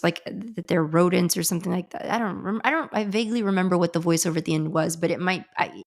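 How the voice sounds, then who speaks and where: A woman's voice: on the low side, gravelly. A woman hosting a horror podcast, talking casually in a rambling way with restarts and laughs. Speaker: podcast host. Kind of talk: casual chat.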